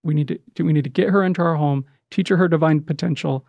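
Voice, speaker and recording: A middle-aged man telling an emotional personal story in conversation, earnest and halting, with many restarts. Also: fairly high pitch, creaky, dry recording, highs cut off. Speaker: podcast guest, adoptive father.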